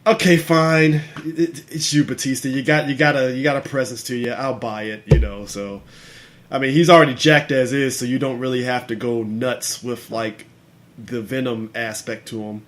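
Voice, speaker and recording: A relaxed man co-hosting a podcast, talking movies in a loose, easygoing way. He laughs a lot and curses casually. His voice sits at an ordinary middle pitch. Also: normal speed. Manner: laid-back, laughs often, swears casually. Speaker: podcast co-host. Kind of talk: casual chat.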